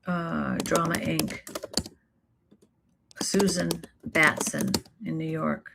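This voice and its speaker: A woman's voice: sits low, fairly even intonation, vocal fry, noisy background. A woman acting coach and talent manager, emphatic and encouraging, answering chat questions in a live online class. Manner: emphatic, encouraging, stacks quick lists.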